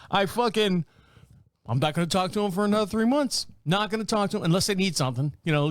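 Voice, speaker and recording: This podcast host is a man in his fifties from a small rural town, speaking in a high-pitched voice at a fast clip. He rambles casually through comedic stories, animated and laughing often as he acts out voices. The studio sound is clean with no echo.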